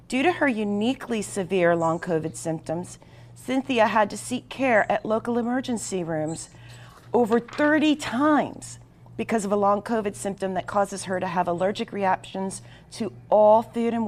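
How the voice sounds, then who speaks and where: A woman with a mid-range voice hosts a talk show and reads a guest introduction earnestly and emphatically, stumbling slightly over a few words.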